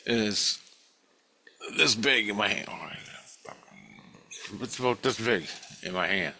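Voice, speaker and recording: A man with a lowish, bright and forceful voice slowly recounts a dream in a meandering, profane ramble. He keeps restarting sentences and swearing as he circles back over the details.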